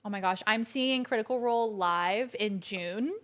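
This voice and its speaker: A woman plays a video game on stream from her couch at home, chatting easily and effusively thanking viewers. She speaks at a moderate pace in a mid-range, fairly bright voice.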